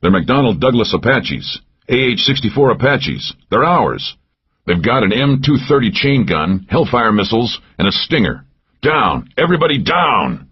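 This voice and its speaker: A man's voice: mid-range voice, sing-song, normal speed, breathy edge, lo-fi sound, voice pushed up. A man doing an alarmed agent barking warnings. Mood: urgent.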